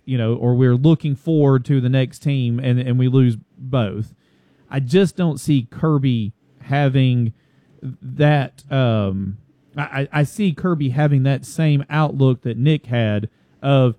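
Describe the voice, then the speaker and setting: A man's voice: mid-range voice, unhurried, no room sound, highs cut off. A man co-hosting a casual sports debate, emphatic and repeating his points. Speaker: sports talk co-host.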